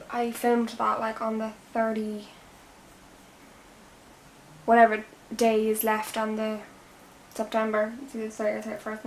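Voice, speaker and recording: Young woman, irish accent, rambling makeup chatter, slightly high voice, faint hiss. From Ireland. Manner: rambling, chatty, drifts into soft half-whispers. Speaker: beauty vlogger. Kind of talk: chatty get-ready-with-me vlog. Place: home room.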